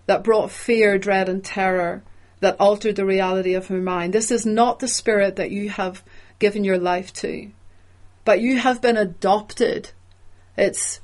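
A woman preaching a sermon in a measured, emphatic way, explaining the meaning of words as she goes. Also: medium pitch.

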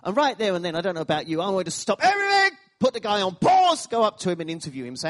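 A man preaches a sermon in a voice that sits high, talking fast with few pauses. He tells stories animatedly, with laughing asides, repeated phrases and sudden bursts of emphasis.

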